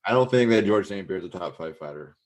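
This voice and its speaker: A man's voice: low-pitched, lively intonation, quick pace, a crowd in the background. A man co-hosting a casual sports chat, wry and contrarian, needling the others for fun.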